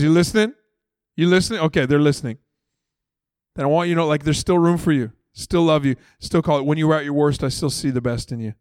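A man's voice: fairly high pitch, a little mellow, no echo. A man preaching a sermon in a conversational way, acting out the dialogue of the story in casual, everyday voices. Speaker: pastor.

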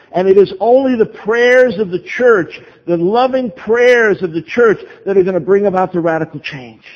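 A man preaching with urgent emphasis and long dramatic pauses. His voice sits high for a man. The recording is dull and muffled, with a long reverb filling a large church. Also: a little mellow. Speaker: guest preacher. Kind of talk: sermon.

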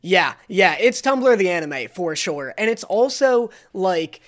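A man's voice: high-pitched, lively intonation, measured pace, a bit bright. A man co-hosting a casual podcast, telling stories with wry, mock-outraged humor. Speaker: podcast co-host.

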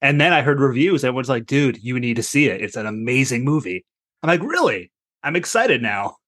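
A man's voice: medium pitch, fairly quick, fairly bright tone. A man hosting a podcast, asking questions in a chatty, easygoing way and often laughing along. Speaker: podcast host. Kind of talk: casual podcast interview.

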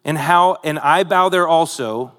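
A man's voice: a little high, unhurried, a bit bright, in a large hall. A man preaching a sermon, retelling a Bible story in a conversational way with rhetorical asides to the congregation. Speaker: pastor.

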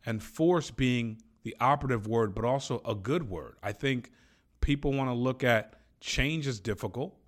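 A man's voice: mid-range voice, normal speed. A man interviewing a guest in an easygoing, enthusiastic way, full of praise. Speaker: interviewer, sales trainer. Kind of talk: casual interview conversation.

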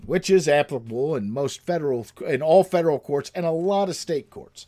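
Animated, swearing podcast host, a man. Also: fairly high pitch. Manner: animated, profane storytelling. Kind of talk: casual chat. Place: home, livestream setup.

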